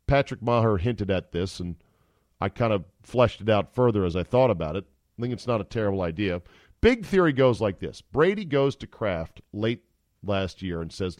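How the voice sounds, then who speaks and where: A man's voice: fairly low pitch, no room sound. A middle-aged man hosting a sports podcast, delivering an opinionated, jokey monologue. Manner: opinionated, jokey, acts out quotes.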